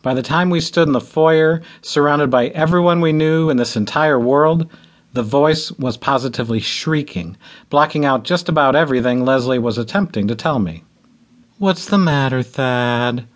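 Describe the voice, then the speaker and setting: A man's voice: on the high side, normal speed. Man narrating an audiobook, wry. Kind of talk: first-person audiobook narration.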